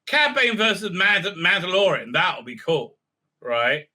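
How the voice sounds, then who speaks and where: A man's voice: high-pitched, very animated, a little slow, bright, forceful tone. A man giving a casual, mocking review, rambling with many fillers. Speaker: video reviewer.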